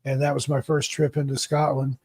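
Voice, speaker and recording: A man's voice: mid-range voice, completely flat delivery, fairly quick, a little mellow, husky, dry recording. American man telling rambling stories. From United States. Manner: rambling storyteller, stammers on restarts. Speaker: guest author and YouTuber. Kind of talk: casual chat.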